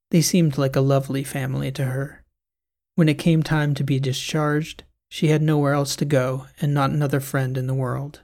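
Gravelly male audiobook narrator. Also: mid-range voice, a little mellow. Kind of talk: scripted narration.

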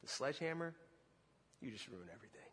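A middle-aged man preaching a sermon, telling a story with laughter and swinging between loud bursts and hushed moments. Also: mid-range voice, very animated, fast, husky, in a large hall. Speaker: pastor.

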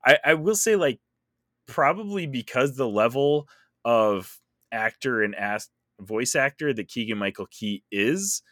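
A man's voice: medium pitch, animated, measured pace, fairly bright tone, no echo, clean studio sound. A man co-hosting a podcast, chatting casually about a movie he reviewed, easygoing with frequent fillers. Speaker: podcast co-host.

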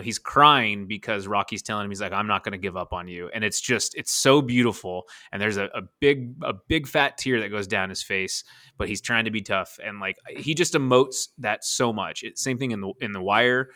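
A man's voice: on the low side, sharp tone, dry recording, studio quality. A man in his thirties co-hosting a casual podcast, talking enthusiastically and rambling with frequent laughs. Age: 30s. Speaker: podcast co-host.

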